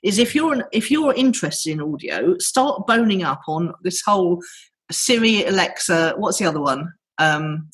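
A woman's voice: lowish voice, expressive, moderate pace. Eager, rambling woman podcaster. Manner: eager, rambling, laughs often. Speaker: podcast host. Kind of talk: casual chat.

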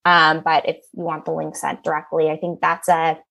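A woman's voice: low voice, monotone, normal speed, creaky, bright, forceful tone. A woman company co-founder speaking as a podcast guest, earnest, with frequent fillers and restarts. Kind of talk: podcast interview.

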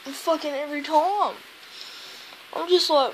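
A sleepy woman rambles to her camera at home, cursing almost every other word. Her delivery is slow and dragging, but her pitch leaps up and down a lot. Faint room noise hums underneath. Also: lively intonation, fairly bright tone, rough recording. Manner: swears constantly, drowsy and grumbling. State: sleepy, just woke up. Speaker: vlogger. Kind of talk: casual rambling vlog. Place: at home by a window.

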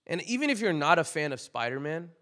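A young man preaching a casual, conversational sermon, full of "like" fillers, that builds to loud emphatic peaks. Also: fairly high pitch, very animated, fast talker.

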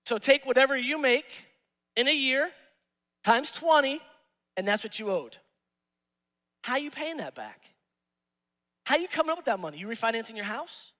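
A male pastor preaches with a high, bright voice that swings widely in pitch. He is animated and joking, slipping into streetwise slang. The sound carries a long reverb from the church hall. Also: moderate pace, long pauses. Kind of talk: sermon.

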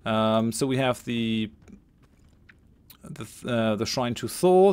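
A man's voice: mid-range voice, expressive, slow, long pauses, a little mellow, clean tone. A man hosting a let's play, thinking aloud as he plays and reads game text aloud. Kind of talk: gameplay commentary.

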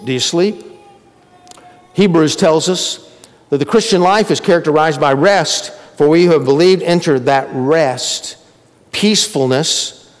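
A man preaching a sermon as pastor, talking to the congregation as if in conversation. His voice sits a little high and leaps up for emphasis, then sinks low and quiet. It rings with the long reverb of a church sanctuary. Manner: conversational preaching with sudden emphatic rises and drops.

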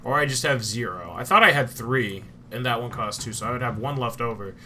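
A man's voice: mid-range voice, animated, brisk, pushed and bright, a little hiss or hum. A young man giving casual gameplay commentary, joking and swearing. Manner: swearing, joking, easily startled. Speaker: gamer.

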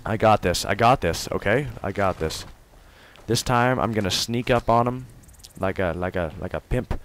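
A man with a fairly low voice talks through his gameplay as he plays. He bursts into loud taunts at enemies and slips back into quiet, muttered play-by-play. Faint background noise runs under the recording. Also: normal speed. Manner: excitable, yelling taunts, then muttering. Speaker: gamer. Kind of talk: let's play commentary.

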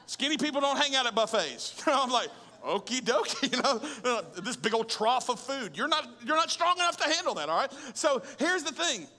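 Male pastor, high bright voice, animated conversational preaching, big reverberant hall. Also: normal speed, few pauses. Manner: conversational and animated, with rhetorical questions and humor. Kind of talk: sermon. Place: large church auditorium.

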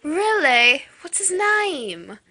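Nosy teen girl in a put-on British accent, gushing and bright, as a young woman voices her. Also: very high-pitched, sing-song, drawn-out words, pitched above the performer's own voice, exaggerated voice. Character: nosy excitable teenage girl friend. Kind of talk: toy video role-play.

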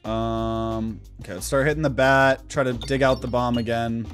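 A man's voice: mid-range voice, fairly even intonation, moderate pace, faint music behind. A man giving casual let's-play commentary, thinking aloud as he plays. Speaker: gaming channel host.

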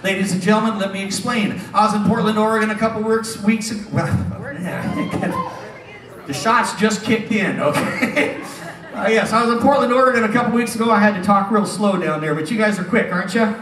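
A middle-aged stage hypnotist with a high voice works a casino crowd, teasing people and chuckling at his own jokes. His voice is picked up from across an echoing showroom. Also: quick pace. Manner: wisecracking, teasing the audience, chuckles often. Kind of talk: comedic stage banter with a live crowd. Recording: echoey hall from a distance.

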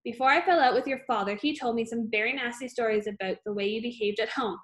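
A woman's voice: on the high side, fast talker, fairly bright tone, lightly acted. A woman reading aloud, voicing a bullying, scornful headmistress with a harsh, barking manner. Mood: threatening.

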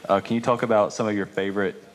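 A man in the audience puts a question to the speaker. His voice is low and flat and his words come fast. He hesitates and stumbles over titles, and the hall adds a long reverb. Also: a little hiss or hum. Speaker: audience member asking a question.

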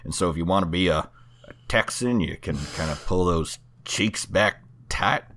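A man's voice: sits low, fairly even intonation, normal speed, fairly bright tone. A man co-hosting a podcast about running tabletop games, chatting casually and joking. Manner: joking, conversational. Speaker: podcast co-host. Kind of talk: casual chat.

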